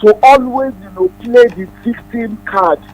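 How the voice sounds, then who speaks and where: A man's voice: extremely high pitch, unhurried, darkish tone, rough recording. A man with a Nigerian accent calling a radio show, speaking earnestly with many hesitations. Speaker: caller. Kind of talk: phone-in call on radio.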